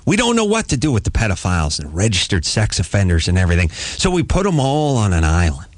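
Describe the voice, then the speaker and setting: A man's voice: wildly swooping pitch, fast talker, no echo. A man hosting a comic talk radio show, riffing and joking with a guest. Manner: joking, riffing, mock high voice for quotes. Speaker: radio host.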